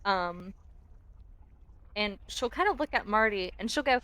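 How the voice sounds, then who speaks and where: A woman's voice: mid-range voice, animated, a little slow, pauses often, sharp tone, no echo, poor audio. A woman playing in a tabletop game, chatting animatedly. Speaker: player. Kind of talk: casual tabletop play.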